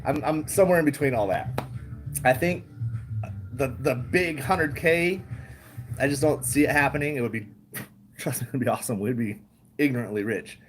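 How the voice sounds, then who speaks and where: A man's voice: mid-range voice, moderate pace, long pauses, slight background noise. A man hosting a casual livestream, rambling, chuckling often and swearing freely. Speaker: livestream host.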